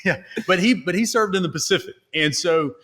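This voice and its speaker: Halting man with a slightly high voice. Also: a bit bright. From Mississippi, US. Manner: hesitant, halting speech with fillers. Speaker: podcast guest. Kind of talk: casual conversational interview.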